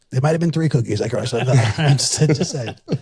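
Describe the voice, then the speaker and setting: A man's voice: mid-range voice, moderate pace, a little mellow, husky. A man, hosting a casual podcast chat, rambling with fillers and laughs. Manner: laid-back, rambling with frequent fillers and laughs. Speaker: podcast host.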